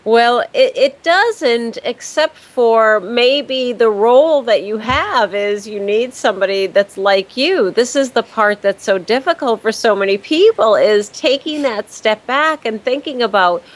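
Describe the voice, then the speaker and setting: A woman's voice: a little high, expressive, measured pace, few pauses, low-quality recording. A woman business consultant answering interview questions, laying out her points step by step and stressing key words by repeating them. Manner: structured, explains step by step.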